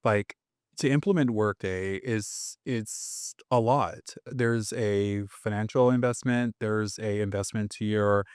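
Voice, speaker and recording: A podcast host chats in a mid-pitched voice, asking rambling questions that restart and fill in with "like." The pitch jumps up and drops off often, and the sound is dry and close. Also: takes it slowly, a little mellow, clear, resonant tone, no room sound. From Tennessee, US. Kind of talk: casual interview conversation.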